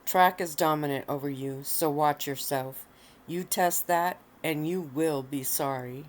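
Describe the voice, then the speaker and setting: A woman reading the lines of a stern male werewolf pack alpha, firm and measured, in a low voice. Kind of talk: read-aloud story.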